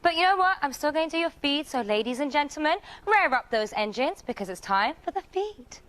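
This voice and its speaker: A woman's voice: high voice, animated, brisk, background noise. Cheeky British woman reading entertainment news. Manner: cheeky, playful. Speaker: TV news host.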